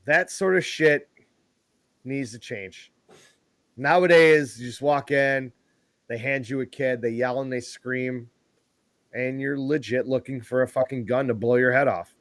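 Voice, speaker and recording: A man's voice: mid-range voice, measured pace, a bit bright, no room sound. A man co-hosting a podcast in casual chat, laid-back and telling crude jokes and stories. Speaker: podcast co-host.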